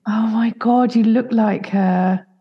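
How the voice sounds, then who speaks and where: A woman hosting a podcast interview, reacting warmly and with feeling. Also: a little high, fairly even intonation, takes it slowly, breathy edge, highs cut off. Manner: warm, emotional reactions. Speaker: podcast host. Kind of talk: casual interview.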